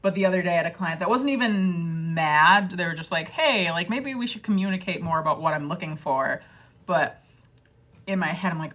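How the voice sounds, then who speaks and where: A woman's voice: on the low side, normal speed. Chatty self-deprecating woman vlogger. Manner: chatty, self-deprecating, lively swings into quoted voices; rambling with many fillers and restarts. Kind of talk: casual chat to camera.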